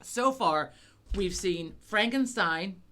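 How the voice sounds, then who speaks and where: A middle-aged woman co-hosts a chat podcast, speaking slowly in an animated, medium-pitched, somewhat bright voice. She rambles casually, swears a lot, and uses many fillers and restarts.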